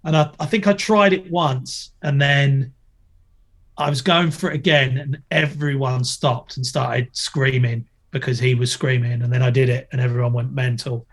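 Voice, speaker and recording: A man's voice: mid-range voice, steady tone, normal speed. A middle-aged man in a casual podcast chat, telling stories with a joking, playful manner. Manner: jokey, storytelling, loud impressions when quoting. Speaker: guest, former TV presenter and skater.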